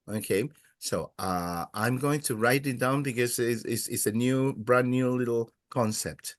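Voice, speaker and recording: A man teaching a Spanish class in a classroom, patiently prompting students, praising their answers and pausing often with "uh". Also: medium pitch, no room sound, clean studio sound. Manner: hesitant, many "uh" pauses. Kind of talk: classroom language lesson.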